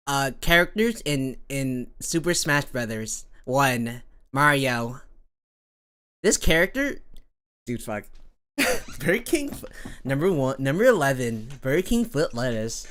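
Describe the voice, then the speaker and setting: A woman's voice: a bass voice, a bit bright. A young woman streaming a game and chatting casually, rambling and swearing freely with frequent laughter, sounding a bit drowsy and out of it. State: drowsy, low energy. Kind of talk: casual live-stream chat.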